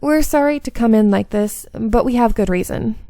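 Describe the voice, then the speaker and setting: A woman reading visual novel narration aloud, with small slips and stumbles along the way. Her voice is gravelly with vocal fry. The sound is close and dry. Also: on the high side, moderate pace, warm tone, no room sound. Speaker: game streamer.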